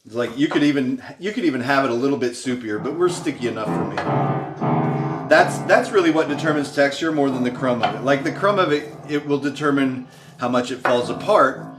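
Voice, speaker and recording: A man cooking at home, explaining his recipe at length in a loud, casual way. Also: medium pitch, brisk. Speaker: home cook leading a cooking stream. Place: home kitchen. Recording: echoey room with music behind. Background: music and kitchen clatter.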